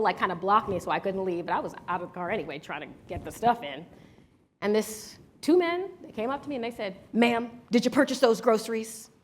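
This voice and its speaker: A woman from Washington, D.C. leading a live workshop, telling a personal story and guiding the audience through breathing exercises in a lively, chatty way. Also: medium pitch. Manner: guides breathing exercises step by step. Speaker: workshop leader.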